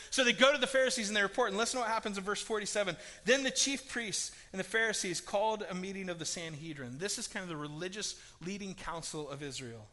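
A man preaching a sermon in an animated, conversational way, with a pastor's storytelling manner. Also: high-pitched, fast talker, few pauses. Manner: animated, conversational, acts out voices. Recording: long reverb of a large hall.

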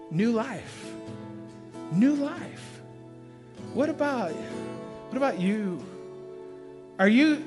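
A middle-aged man, a pastor, preaching a sermon as an animated storyteller, laughing and acting out sounds as he goes. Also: high voice. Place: church sanctuary. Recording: large hall with long reverb, faint music.

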